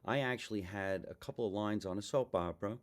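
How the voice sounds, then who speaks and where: A man's voice: on the low side, fast. A man hosting a casual talk show, chatty and reminiscing. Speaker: host. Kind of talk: casual chat.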